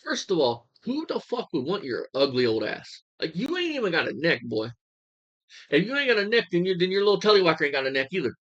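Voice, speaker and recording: A man's voice: sits high, big pitch swings, fast talker, a bit bright, dull audio. A young man giving a heated, crude reaction commentary, swearing and mocking as he talks.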